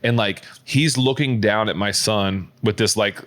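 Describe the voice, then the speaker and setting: On a podcast, a male co-host chats in a relaxed, rambling way, dropping fillers and restarting sentences. His voice is lowish and a little bright, and he speaks somewhat slowly.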